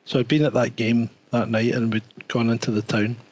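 Scottish bloke, husky voice, laid back, telling stories on a podcast. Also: male voice, mid-range voice, flat delivery, moderate pace, rough recording. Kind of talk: casual chat.

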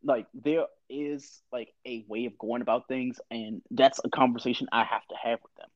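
A man in his thirties talks in a candid, profane storytelling way. The sound is dry and a bit dull. His pitch sits in an average range for a man. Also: fairly even intonation, normal speed, no echo. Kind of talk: casual conversation.

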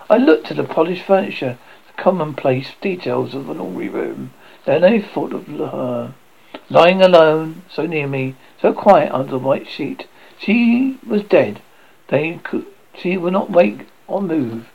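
A man's voice: fairly high pitch, gravelly, slightly rough, dull audio. A man narrating a classic horror story in the first person, tense and lingering over each moment of dread.

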